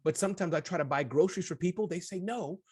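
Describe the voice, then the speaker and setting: A man being interviewed as an entrepreneur, talking in an animated way, often addressing the host by name and acting out little scenes. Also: sits high, fast talker, slightly rough. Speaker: guest entrepreneur. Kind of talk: conversational summit interview.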